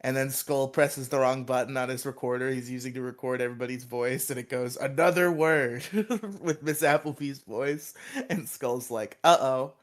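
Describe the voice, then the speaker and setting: A man's voice: medium pitch, clean tone. A man co-hosting a podcast, recapping a TV episode in a rambling, giggly way with lots of fillers. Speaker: podcast co-host.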